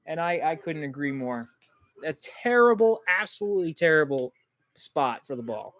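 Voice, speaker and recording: A man hosting a livestream football reaction, excitable and quick to get indignant at calls, loose and rambling with many ums. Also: on the high side, dry recording. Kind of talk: live football reaction commentary.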